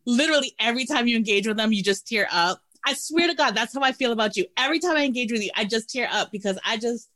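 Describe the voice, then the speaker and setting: A woman's voice: a little high, lively intonation, fast, hardly any pauses, a bit bright. A woman hosting a podcast, talking casually and effusively, with blunt swearing and gushing praise. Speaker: podcast host. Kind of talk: casual interview chat.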